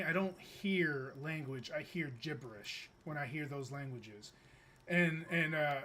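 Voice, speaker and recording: His pitch is fairly high and his tone sharp. He's a young man from the United States who streams games, rambling casually with chuckles and stammered restarts.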